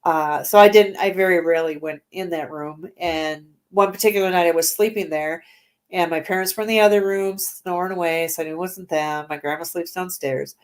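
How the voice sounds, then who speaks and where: Appearing as an interview show guest, a chatty woman in her forties speaks a bit quickly in a voice on the low side. Her talk is casual, full of fillers and punctuated by frequent laughter.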